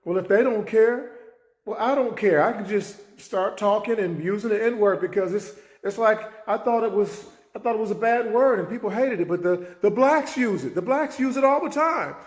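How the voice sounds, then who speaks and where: A man's voice: sits high, echoey room, long reverb tail, pitched above the performer's own voice, lightly acted. Man doing a pleading confused teenage boy. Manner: raised, pleading, rushed. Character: anxious teenage boy student, defensive, confused.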